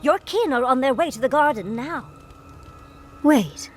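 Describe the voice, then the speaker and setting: A woman's voice: sits high, lively intonation, unhurried, soft background music. An actress voicing a flamboyant, eager woman scholar in a video game who talks in a theatrical way. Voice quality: theatrical, calls people darling. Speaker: scholar character.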